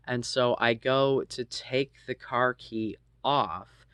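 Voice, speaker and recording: Low voice, thirties, rambly casual story with um and swearing, super dry close mic. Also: slow pace, fairly bright tone, clean tone, no echo. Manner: rambling with many ums and asides, swears freely.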